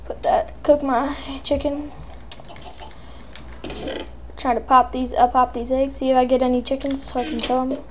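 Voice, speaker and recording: A woman giving excitable, chatty commentary while playing a video game and talking to her viewers. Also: high voice, moderate pace, long pauses, lo-fi sound, a little hiss or hum. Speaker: let's play gamer. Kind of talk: live gameplay commentary.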